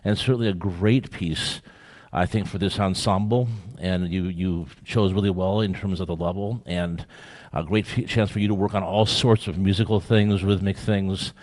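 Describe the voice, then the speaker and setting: A man's voice: low voice, fairly even intonation, normal speed, hardly any pauses, a little mellow. A man working as a guest clinician, giving live feedback to a student orchestra in an encouraging, playfully teasing way.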